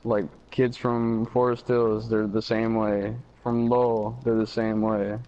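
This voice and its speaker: A man's voice: lowish voice, level tone, measured pace, dark tone. Laid-back young man on dull chat audio. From Michigan. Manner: laid-back storytelling with fillers and swearing. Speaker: gamer chatting on a live stream. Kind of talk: casual chat.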